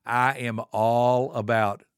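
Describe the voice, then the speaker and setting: A man's voice: flat delivery, slow pace, clear, resonant tone, dry recording, studio quality. Emphatic older man, motivational host. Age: 70s. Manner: emphatic, preachy, full of rhetorical questions; swings between soft and booming delivery. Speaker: podcast host and motivational speaker. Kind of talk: motivational podcast talk.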